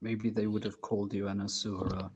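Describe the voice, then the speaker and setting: A man playing a tabletop role-playing game, speaking in a calm, measured, wry way. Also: lowish voice, lo-fi sound, a little hiss or hum. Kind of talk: casual tabletop role-play chat.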